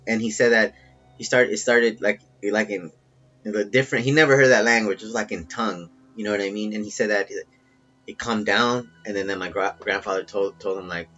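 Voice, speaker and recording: A man casually telling a long, profane, rambling story from his family, getting animated as it builds. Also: on the low side, fairly quick, highs cut off. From Salvadoran family.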